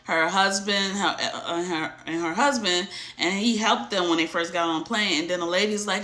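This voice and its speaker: Chatty woman host recapping a novel; bright tone, roomy echo, lively quoted voices. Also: mid-range voice, moderate pace, few pauses. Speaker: book discussion host. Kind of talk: casual book recap.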